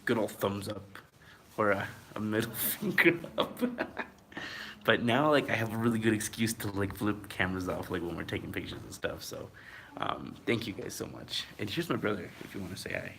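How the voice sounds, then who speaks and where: A man's voice: on the low side, lively intonation, normal speed, creaky, bright, forceful tone, slight background noise. A man telling a story to his viewers in a casual, rambling way, full of fillers and a little out of breath. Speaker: vlogger.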